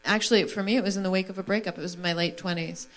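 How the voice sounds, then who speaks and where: A woman's voice: medium pitch, steady tone, racing, low-quality recording. A woman in her forties, an author speaking candidly on a stage panel, laughing easily and reading a passage aloud with feeling. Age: 40s.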